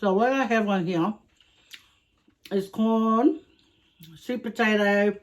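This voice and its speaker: Woman host for a home food vlog; relaxed, leisurely talker, chatty with small sighs. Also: medium pitch, takes it slowly, pauses often. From Samoa. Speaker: mukbang vlogger. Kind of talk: casual chat to camera.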